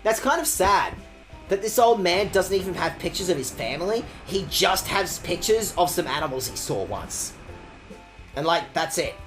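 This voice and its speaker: Crude, animated game streamer. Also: moderate pace, faint music behind. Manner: rambling, crude, self-mocking jokes, swinging pitch. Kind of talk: casual let's-play commentary.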